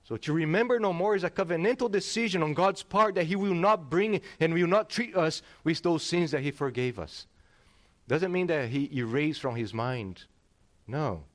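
A middle-aged male pastor preaching a sermon, emphatic and animated, often restarting his words. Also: a little high, normal speed.

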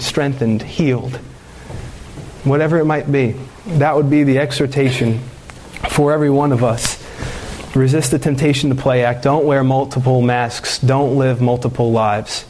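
A man's voice: mid-range voice, a little mellow, slight background noise. A man preaching a sermon as pastor, earnest and building into fervent exhortation.

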